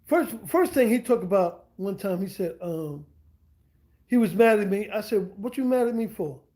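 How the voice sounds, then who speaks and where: A man's voice: high-pitched, warm tone. A middle-aged man talking casually on a livestream from home, rambling and repeating himself with slangy asides to his viewers. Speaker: streamer and language teacher. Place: at home indoors.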